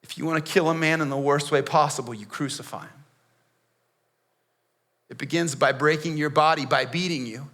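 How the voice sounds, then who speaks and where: Slightly high and a bit bright, his delivery stays fairly even at a moderate pace, broken by long pauses. The male pastor performs in church as a defiant, streetwise prisoner, confidingly recounting his story in first person with slangy asides.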